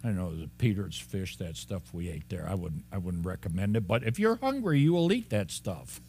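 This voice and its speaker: A man preaching an expository sermon as a pastor. He talks in an animated way, laughs often and acts out the lines of the people in the story. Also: deep voice, a little fast, creaky, a little hiss or hum.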